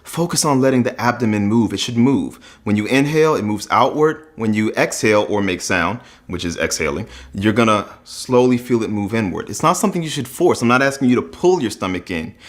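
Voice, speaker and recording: A man's voice: fairly low pitch, expressive, a little fast, hardly any pauses. A man teaching a voice lesson in an earnest, instructive way. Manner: earnest instructive delivery, breaks into sung demos. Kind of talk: explanatory vocal lesson.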